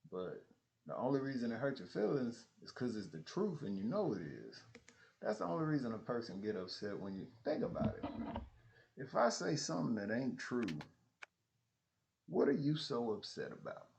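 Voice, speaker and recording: A man's voice: medium pitch, moderate pace, gravelly, a little hiss or hum. A man talking bluntly in a casual monologue, full of profanity and frequent laughter. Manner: animated storytelling. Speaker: streamer.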